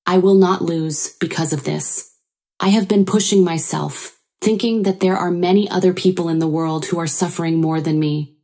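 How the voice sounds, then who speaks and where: A woman's voice: lowish voice, steady tone, moderate pace, a little mellow. A woman narrating a first-person story in an earnest, sorrowful way.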